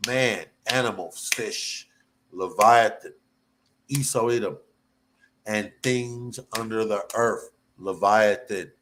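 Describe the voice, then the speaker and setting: A man preaching a sermon, fervent and repetitive, breaking into sudden high whoops. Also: background noise. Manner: slow and drawn out.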